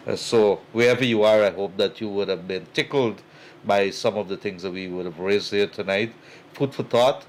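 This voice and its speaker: Male host, very low voice, chatty and filler-heavy; faint background hiss. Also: normal speed. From Guyana. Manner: chatty, many fillers, thanks guests warmly. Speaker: talk show host. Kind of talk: talk show host wrap-up.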